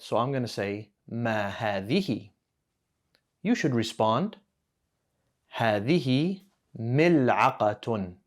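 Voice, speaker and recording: A man runs an Arabic lesson in a casual, unhurried way. He explains each word step by step and prompts the listener to answer back. His voice sits at an ordinary middle pitch. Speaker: Arabic teacher. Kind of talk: relaxed spoken lesson.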